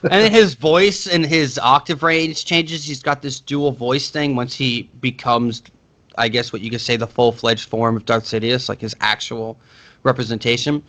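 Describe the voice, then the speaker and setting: Excitable rambling male podcast co-host. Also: medium pitch, normal speed. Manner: rambling, restarts often, swears. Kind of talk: casual movie chat.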